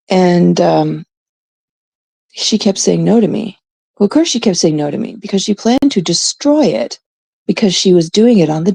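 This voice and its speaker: A woman's voice: lowish voice, creaky, mellow, slightly rough, no echo. A woman from Canada talking casually on a livestream, aggrieved and emphatic, repeating her points.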